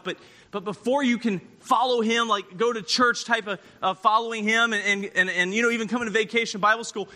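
High bright-voiced man preaching in a hall. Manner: earnest, emphatic, with repeated restarts. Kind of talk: sermon to children and youth. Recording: long hall reverb.

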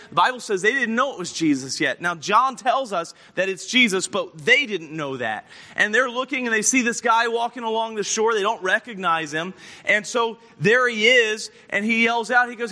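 A male pastor preaching a story-driven sermon with an animated delivery. His voice sits high for a man and sounds very bright and forceful. He swings between lively and hushed as he brings the story to life. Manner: animated, acts out the scripture scenes.

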